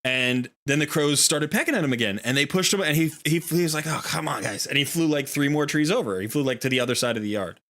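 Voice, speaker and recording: His voice is fairly high, a bit bright, and animated, and he talks fast with hardly any pauses. He's a game streamer chatting on a casual livestream in a home room near a window, rambling through a long story with playful voiced asides.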